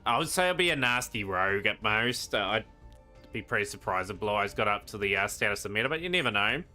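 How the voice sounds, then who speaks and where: A man casually commenting while he streams a card game, rambling and trailing off into quiet asides. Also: fairly low pitch, expressive, quick pace. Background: game music.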